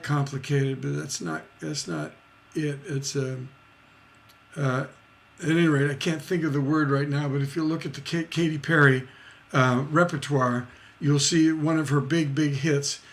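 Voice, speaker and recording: A man with a gravelly, slightly high voice gives a live-streamed songwriting lesson. He talks slowly and rambles, filling pauses with ums and asking "right?" as he goes. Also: fairly even intonation. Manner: chatty, rambling, many fillers and tag questions. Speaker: songwriting teacher.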